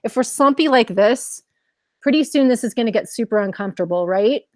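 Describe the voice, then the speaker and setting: A woman's voice: on the high side, expressive, a little fast, dry recording, studio quality. Encouraging woman teaching children mindfulness. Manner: encouraging, asks the children many questions. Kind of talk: live online lesson for children.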